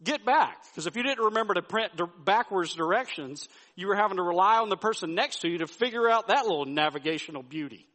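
A man's voice: high voice, animated, fast, few pauses, a bit bright. A male pastor preaching a sermon, telling stories with folksy asides and frequent restarts. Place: church sanctuary. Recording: sermon with long hall reverb.

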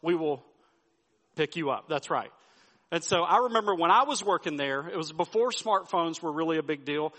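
A man's voice: on the high side, animated, a little fast, bright, forceful tone. A male pastor preaching a sermon, telling stories with folksy asides and frequent restarts. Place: church sanctuary. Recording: sermon with long hall reverb.

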